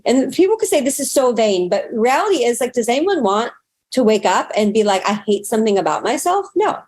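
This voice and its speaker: A woman in her thirties, a guest in an interview, telling a personal story in an earnest, expressive way that rises sharply in pitch when she gets excited. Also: normal speed.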